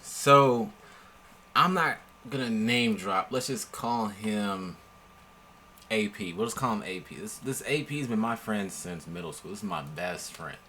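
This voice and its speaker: A young man telling a story from his own life in a laid-back, slangy, animated way. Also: on the low side, unhurried, a little hiss or hum. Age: young adult. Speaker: storyteller vlogger. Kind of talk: casual storytelling.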